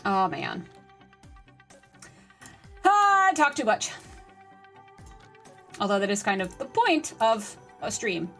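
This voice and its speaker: A woman live-streaming a game, chatting with her viewers and getting excitable during play. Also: medium pitch, slow pace, pauses often, soft background music. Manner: chatty, excitable, talks to chat. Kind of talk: live-stream gaming chat.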